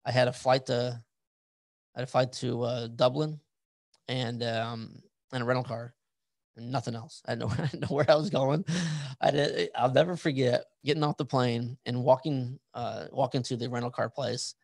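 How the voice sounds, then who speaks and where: Gravelly man chatting casually. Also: mid-range voice, steady tone, normal speed, darkish tone, no room sound. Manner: rambling, repeats words, swears casually. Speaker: podcast host and author. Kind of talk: casual interview chat.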